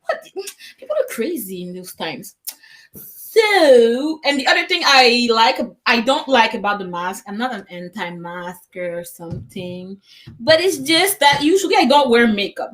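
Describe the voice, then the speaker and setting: A woman's voice: a little high, big pitch swings, a little slow, fairly bright tone. A woman hosting a comedy show, introducing acts with playful, laughing banter. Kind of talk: bilingual stand-up hosting banter.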